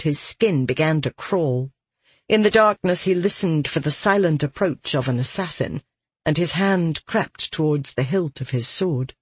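A narrator reading a fantasy audiobook in a steady, measured way. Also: mid-range voice, slightly rough, no echo.

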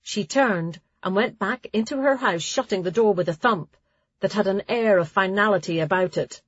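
A woman narrating an audiobook in a steady storytelling reading. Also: medium pitch, moderate pace, breathy edge, no echo. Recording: dry, slightly dull lo-fi sound.

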